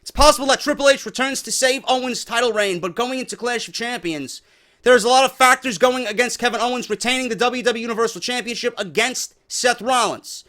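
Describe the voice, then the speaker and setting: High-voiced man ranting profanely. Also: fairly quick, sharp tone. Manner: profane, sarcastic, heated ranting. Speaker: wrestling news commentator. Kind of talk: ranting news commentary.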